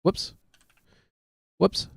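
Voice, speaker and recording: Slow-talking New Zealand man streaming. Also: fairly bright tone, no echo, clean studio sound. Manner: chatty, self-mocking, jokey asides. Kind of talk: casual game commentary.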